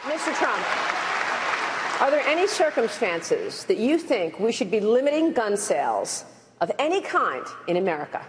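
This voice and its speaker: Lively-voiced woman moderating a debate. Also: a little high, normal speed, slight background noise. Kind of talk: formal moderator questions. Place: large debate hall. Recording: broadcast audio in a reverberant hall with crowd.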